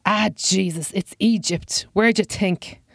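A man's voice: sits high, slow, gravelly, over music, full character voice. Woman voicing a sad, weary drunk man.

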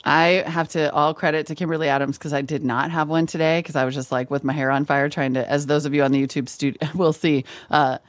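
Woman, very low voice, bubbly, home studio co-host, dry sound. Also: fairly quick, few pauses, no room sound. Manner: bubbly, expressive, laughs often. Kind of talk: casual chat.

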